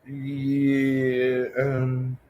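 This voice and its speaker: A man teaching a casual beginner language class, talking in a relaxed, chatty way and thinking aloud with frequent restarts. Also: medium pitch, extremely slow, dull audio.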